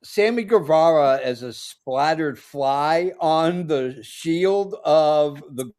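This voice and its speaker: A man's voice: a little high, expressive, takes it slowly, darkish tone, smooth. Blunt, jokey man co-hosting a podcast. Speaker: podcast co-host. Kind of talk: casual chat.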